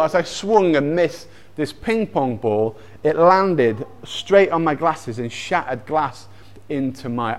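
A man telling a Bible story in a lively, animated way, mixing in personal anecdotes. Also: mid-range voice. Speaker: speaker retelling a Bible story.

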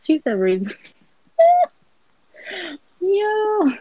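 A woman co-hosting a podcast, telling stories in a blunt, profane, animated way. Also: mid-range voice, a little slow, no room sound, highs cut off. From Latina. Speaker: podcast co-host. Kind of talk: casual chat.

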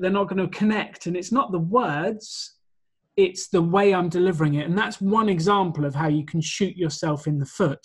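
A man's voice: high-pitched, moderate pace, fairly bright tone, slightly rough. A man being interviewed about his work as a presentation coach, explaining his points in a confident, orderly way. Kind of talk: conversational interview.

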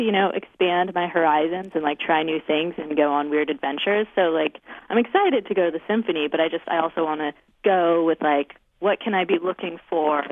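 A woman's voice: low-pitched, no echo. A young woman caller chats casually, with lots of likes and ums and a giggle here and there. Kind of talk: casual phone call. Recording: tinny phone line.

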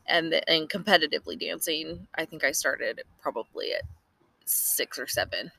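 Low-voiced young woman, podcast guest. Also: normal speed, creaky, slightly rough. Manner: relaxed, thinking aloud with ums. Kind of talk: casual podcast chat.

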